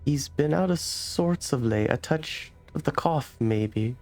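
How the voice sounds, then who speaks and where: Man playing an anxious middle-aged wife, raised pitch, hesitant, slow, old-world dialect, game dialogue. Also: lively intonation, a little mellow, soft background music. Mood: worried. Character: worried middle-aged woman, anxious and weary.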